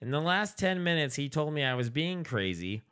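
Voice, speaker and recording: Lively bright-voiced man joking around. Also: on the high side, moderate pace, smooth. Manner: joking, reads listener letters aloud, does silly voices. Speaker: podcast co-host. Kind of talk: casual comedic podcast chat.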